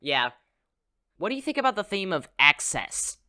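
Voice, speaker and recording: A man's voice: high voice, very animated, moderate pace, sharp tone, clean tone. A man co-hosting a podcast, talking about a film with enthusiasm and playful, rambling asides. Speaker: podcast co-host. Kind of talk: casual film discussion.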